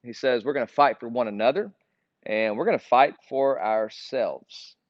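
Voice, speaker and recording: A man's voice: mid-range voice, normal speed, no room sound. A man leading a casual group Bible study, talking earnestly and reading scripture aloud. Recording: dull, dry lo-fi recording.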